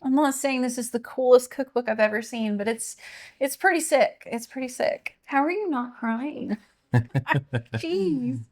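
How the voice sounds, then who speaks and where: Casting note: high-pitched woman, excitable and teary, casual chat. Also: unhurried. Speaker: host's wife.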